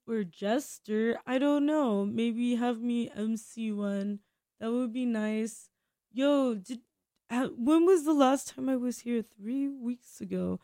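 A woman's voice: a little high, darkish tone. A young woman hosting a small radio show, rambling in a scattered, self-deprecating comedic monologue with frequent laughs and trailing-off thoughts.

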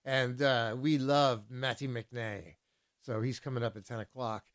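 A man's voice: medium pitch, steady tone, unhurried, fairly bright tone. A man working as a radio DJ, announcing songs and then ranting indignantly, with a lot of repetition. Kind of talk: casual radio DJ talk.

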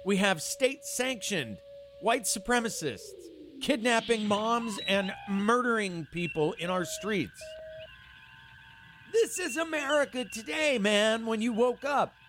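A male radio host with a high voice that swings widely, delivering a heated, sarcastic rant. He swears freely between jabs. Faint music plays behind him. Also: lively intonation, takes it slowly. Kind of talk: casual ranting monologue. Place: San Francisco.

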